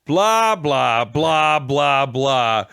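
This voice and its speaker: A man's voice: medium pitch, very animated, extremely slow, pushed and bright, clean tone, no echo, studio quality, heavily acted. A man doing a sarcastic impression of a self-absorbed woman who drones on about herself. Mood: mocking. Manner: droning, sarcastic.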